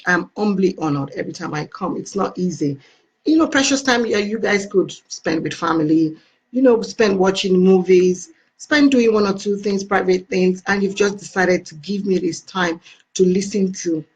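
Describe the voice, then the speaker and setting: A woman's voice: medium pitch, highs cut off. A woman with a Nigerian accent hosting a casual live stream, effusively greeting and thanking her viewers.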